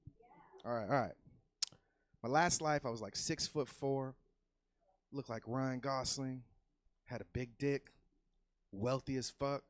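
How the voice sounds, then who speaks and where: Male stand-up comic, casual and profane, average pitch, dry close sound, loud yelled punchlines. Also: takes it slowly, pauses often, no room sound. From California. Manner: loose, profane, swings into loud yelled bits. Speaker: stand-up comedian. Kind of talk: stand-up set. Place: comedy club stage.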